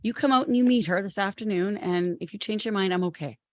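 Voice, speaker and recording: A woman's voice: medium pitch, fast talker, no room sound, lightly acted. A woman voicing a worried medieval king who frets and pleads, inside a told story. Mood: fretful.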